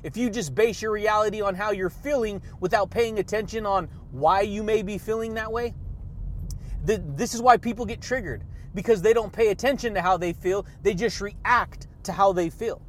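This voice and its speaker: A man hosting a motivational podcast monologue, hyped and energetic, laughing often and shouting catchphrases. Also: sits high, moderate pace, a little hiss or hum. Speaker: podcast host.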